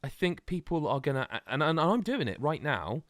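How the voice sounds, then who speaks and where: A man co-hosting a podcast in casual chat, rambling and animated with many restarts. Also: on the high side, brisk, no room sound, studio quality. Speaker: podcast co-host.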